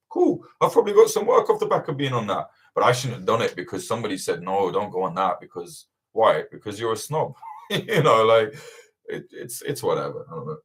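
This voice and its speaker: Low-voiced man ranting, swearing freely. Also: slightly rough. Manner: swears constantly, animated and ranting. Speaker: livestream host answering viewer questions. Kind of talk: casual chat.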